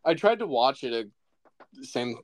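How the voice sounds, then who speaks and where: Male podcast co-host, animated pitch, dry close sound, loose joking delivery. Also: takes it slowly, no echo. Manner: laughing, swearing, loose storytelling. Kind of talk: casual chat.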